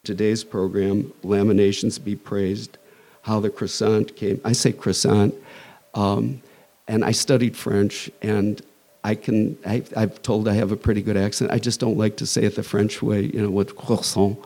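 A man's voice: on the low side, flat delivery, moderate pace, dark tone. A middle-aged American man introducing a guest speaker at a talk, rambling with restarts and joking asides. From United States. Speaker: society president introducing a speaker.

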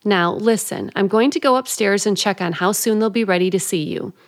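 A woman's voice: mid-range voice, a little fast, close to an everyday voice. An actress playing a firm, matter-of-fact female attendant who gives orders and reassures, in an old radio play. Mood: brisk. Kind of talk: 1940s radio acting.

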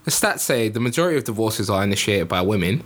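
A man co-hosting a podcast, making a measured, opinionated case in casual discussion. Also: on the low side, animated, breathy edge. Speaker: podcast co-host.

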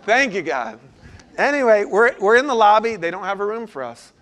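A man preaching a sermon as a pastor, telling a personal story and moving between hushed passages and loud, urgent ones. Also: high voice, very animated, moderate pace.

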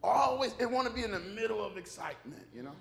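A man preaching in a church with a strikingly high, bright voice. His pitch leaps around as he hammers points home and jokes with the room. Emphatic, call-and-response delivery. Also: lively intonation, fast talker, gravelly. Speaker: pastor. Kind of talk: sermon.

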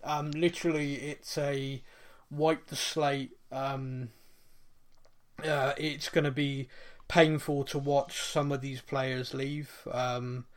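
This man co-hosts a podcast, speaking slowly in a mid-range voice with little pitch movement. The chat is casual, and he rambles, laughs, and pokes fun at himself.

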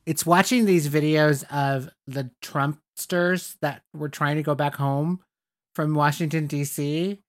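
Animated podcast co-host, mid-pitched voice. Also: measured pace. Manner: animated storytelling, quotes people. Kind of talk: casual chat.

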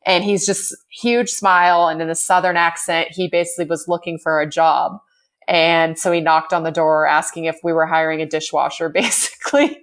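An American woman in her forties, a guest in a casual chat, tells a story at a moderate pace. Her low voice has fairly even intonation, and she laughs often while filling her talk with "like."

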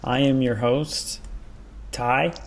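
Man as podcast host, gravelly, joking, loose and rambling, faint hiss behind. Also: medium pitch, fairly even intonation, slow pace. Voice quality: rambling, joking, laughs often. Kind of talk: casual podcast chat.

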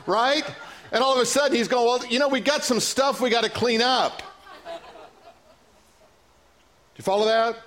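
A high-pitched male pastor preaching in a church, his delivery animated and playful. He acts out little dialogues and drops into quieter, earnest stretches. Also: normal speed. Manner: animated preaching, acting out voices, joking with the congregation. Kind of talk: sermon.

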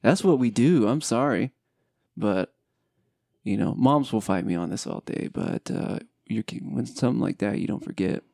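A man's voice: medium pitch, animated, normal speed, gravelly, warm tone, no room sound, studio quality. A middle-aged man hosting a podcast, telling a family story in a candid, reflective casual chat at home. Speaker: podcast host.

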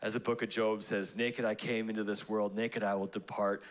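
A man's voice: fairly low pitch, level tone, normal speed. A pastor preaching a sermon, telling a personal story in a conversational way, laughing at himself and restarting his sentences. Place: church auditorium.

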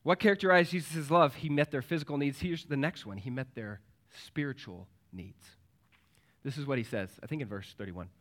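A man's voice: medium pitch, brisk, a bit bright. A man in his thirties, a pastor, preaching a sermon and telling a family story, acting out the voices in it.

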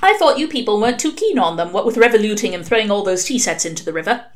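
A woman's voice: medium pitch, expressive, fast talker, lightly acted. A woman reading aloud and voicing a chatty, flustered nun who works as a nurse, gushing and eager. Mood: chattering.

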